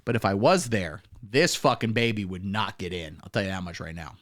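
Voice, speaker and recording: A man's voice: fairly low pitch, brisk, very noisy. A man hosting a comedy livestream, riffing with crude, profane, mocking commentary. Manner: profane, rambling, mocking riffs.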